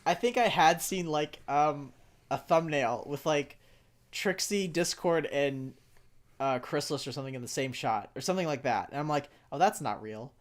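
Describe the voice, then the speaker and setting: A young man co-hosting a casual fan discussion, talking in an excitable, rambling way full of fillers and sudden bursts of enthusiasm. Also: on the high side, normal speed. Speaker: podcast co-host.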